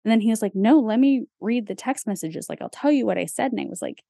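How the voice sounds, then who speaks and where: Chatty young mom, dry close sound. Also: female voice, a little high, lively intonation, quick pace, vocal fry, dark tone, dry recording. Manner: chatty, many fillers, laughs while talking. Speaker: podcast co-host. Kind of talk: casual chat.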